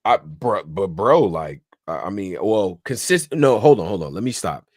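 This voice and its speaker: A man's voice: low-pitched, moderate pace, no room sound, clean studio sound. A man co-hosting a casual podcast, animatedly recapping a rap battle and quoting lines. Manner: animated, repeats phrases, quotes bars. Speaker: podcast co-host.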